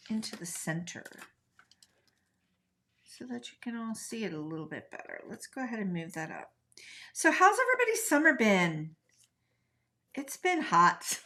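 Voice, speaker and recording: A woman hosting a live stencil and ink craft stream, chatting along as she works. Her talk is upbeat and casual, full of little asides, and she slips into a sing-song lilt now and then. She speaks at a medium pitch. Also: a bit bright. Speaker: craft tutorial host.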